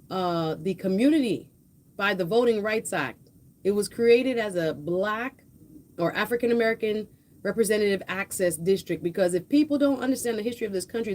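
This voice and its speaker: A woman's voice: medium pitch, darkish tone. A woman hosting a live political talk stream, speaking in a passionate, conversational way and addressing viewers directly. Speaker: host of a political livestream. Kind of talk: casual live political commentary. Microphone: headphones with a mic, home streaming setup.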